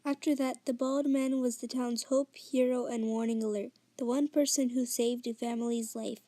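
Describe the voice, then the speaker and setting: Female audiobook narrator, mellow and fairly high, gentle careful reading. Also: fairly even intonation, normal speed, dry recording. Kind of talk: audiobook reading of a short story.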